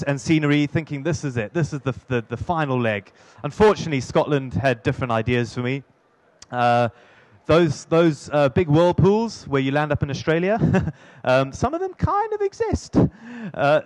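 A man telling the story of his long sea swim, lively and self-mocking, with quick asides. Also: on the high side, dry recording. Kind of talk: storytelling talk.

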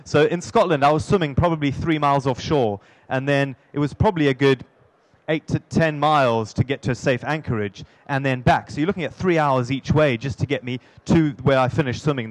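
A man of medium pitch tells the story of his long sea swim in a lively, self-mocking way. He tosses in quick asides and keeps the tale moving. The sound is dry and close. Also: dry recording. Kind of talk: storytelling talk.

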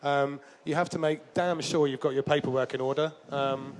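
A man's voice: medium pitch, fairly even intonation, moderate pace. A man being interviewed about his overland travels, telling rambling, self-deprecating stories full of fillers and restarts. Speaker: traveller and author, interview guest. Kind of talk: casual storytelling interview.

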